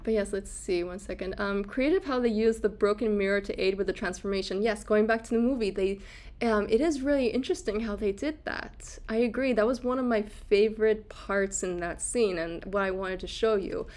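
A woman's voice: medium pitch, steady tone, brisk, darkish tone. A woman hosting a casual livestream lecture on art, chatty, with frequent laughs and fillers, answering viewer comments as she goes. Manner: chatty, laughs often, many fillers and restarts. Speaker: host giving an art lecture.

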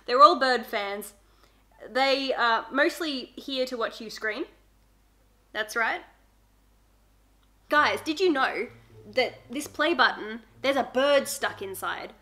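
A woman's voice: a little high, slow, pauses often, bright, forceful tone. A young woman YouTuber talking in a casual unboxing vlog, earnest and emotional, with frequent giggles. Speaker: beauty YouTuber.

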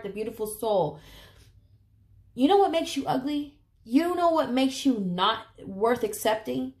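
Tarot reader, woman, fairly high voice, earnest and emotional, casual swearing, roomy sound. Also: darkish tone. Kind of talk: casual tarot reading to camera. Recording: echoey room.

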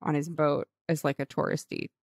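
A woman co-hosting a podcast in casual chat, adding dry, wry asides and quick agreement. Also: low-pitched, little pitch movement, a little mellow, no room sound. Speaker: podcast co-host.

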